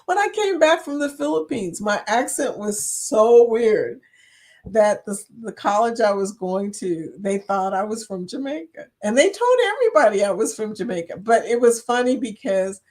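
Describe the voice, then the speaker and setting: A woman's voice: a little high, sing-song, normal speed, a little mellow. Chatty woman hosting a livestream. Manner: chatty, laughs easily, storytelling asides. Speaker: host of a community chat stream. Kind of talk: casual chat.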